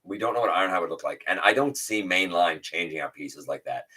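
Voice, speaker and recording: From his home setup, a man runs a relaxed livestream, rambling a bit with fillers and restarts while welcoming viewers by name and reading back their chat. His low voice carries a bright, forceful, slightly rough edge, and he speaks quickly.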